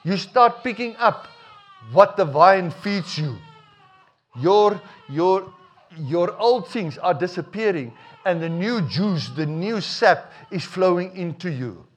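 A middle-aged man, preaching a sermon in a conversational, animated way with asides to the congregation. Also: sits high, takes it slowly. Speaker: pastor.

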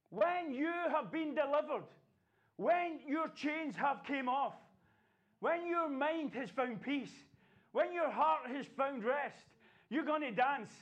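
A man's voice: very high voice, fairly bright tone, dull audio. A man preaching a sermon, passionate and exhorting, breaking into laughter now and then.

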